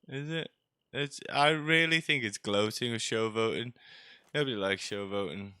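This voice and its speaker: A man's voice: mid-range voice, normal speed, bright, forceful tone, clean tone, no echo. A man streaming a game, rambling and joking in a chatty, sarcastic way. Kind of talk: rambling gameplay commentary.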